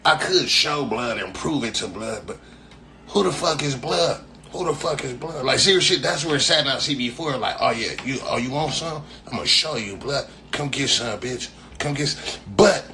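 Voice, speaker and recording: A man from California rambles loosely to his viewers, swearing freely and circling back to the same phrases. His voice sits at a middling pitch with a bright, forceful edge, and a faint hum of background noise runs behind him. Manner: profane, slangy, repeats phrases. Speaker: streamer. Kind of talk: casual rambling live talk.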